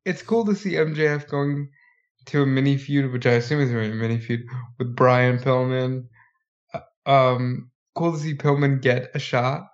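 A man co-hosting a casual wrestling podcast, talking with excitement and acting out the wrestlers he quotes. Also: mid-range voice, normal speed, highs cut off. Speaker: podcast co-host.

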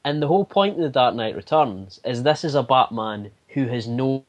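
Appearing as a podcast guest, a man gives his opinions in a casual chat, thinking out loud with some hesitation. His medium-pitched voice is expressive at a moderate pace, and the recording has its highs cut off.

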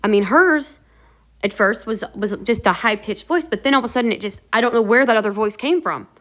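A woman's voice: fairly high pitch, a little fast. A woman hosting a motivational video series, talking casually to the camera in a chatty, encouraging way with lots of fillers. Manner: chatty, animated storytelling with many fillers.

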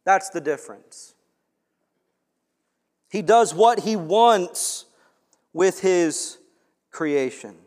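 A man preaching a sermon in animated fashion, swinging between hushed, quiet passages and loud, emphatic ones. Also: high voice, extremely slow, long pauses. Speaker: pastor. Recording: long hall reverb.

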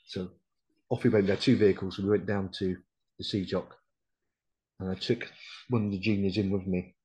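Blunt, sweary veteran man, low voice. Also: steady tone, brisk, mellow, rough recording. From United Kingdom. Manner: blunt, sweary, quotes others as he tells it. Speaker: podcast guest, decorated RAF Regiment veteran. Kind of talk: casual storytelling interview.

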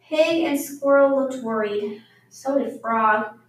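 A woman reading a picture book aloud for children at storytime in a lively, expressive way. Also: high-pitched, takes it slowly. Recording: very echoey room, mic far off.

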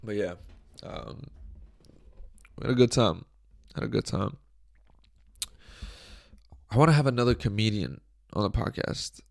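A young man hosting his podcast alone, hoarse from a cold, joking crudely and rambling in casual chat into a close microphone. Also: lowish voice, a little slow, pauses often, no room sound. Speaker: podcast host. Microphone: studio microphone, close.

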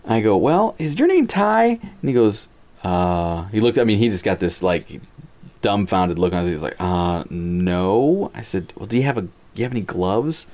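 A man's voice: lowish voice, moderate pace. A man casually telling a funny story, acting out quotes and laughing as he talks. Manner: animated, acts out quotes, laughs while telling.

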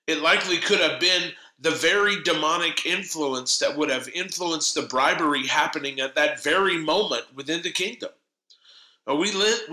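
A man delivers an earnest, emphatic sermon in a very bright, slightly high voice. The sound carries a roomy echo around him. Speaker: preacher.

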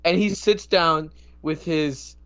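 A man co-hosting a casual soccer podcast, telling rambling, animated stories. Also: a little high, slow, clear, resonant tone, highs cut off. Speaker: podcast co-host. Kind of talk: casual chat.

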